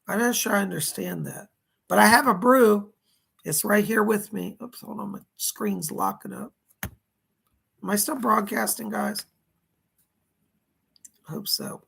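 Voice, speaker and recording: A man's voice: high-pitched, takes it slowly, gravelly, pauses often, fairly bright tone, breathy edge. A man hosting a psychic astrology livestream, chatting casually and reading out viewer comments as he responds to them. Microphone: computer setup at a keyboard.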